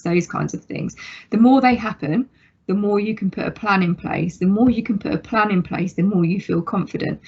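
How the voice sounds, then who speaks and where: A woman interviewing a guest, talking in a thoughtful, measured way about the young people her group supports. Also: fairly low pitch. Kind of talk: casual interview talk. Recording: slightly muffled lo-fi recording.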